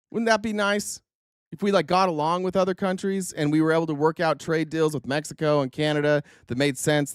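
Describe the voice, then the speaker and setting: A man with a notably high voice hosts a political live stream in a heated, sarcastic rant full of swearing. He keeps breaking off and restarting his sentences. The sound is close and dry, with no room in it. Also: clean tone, no room sound. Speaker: political livestream host. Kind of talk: ranting political commentary.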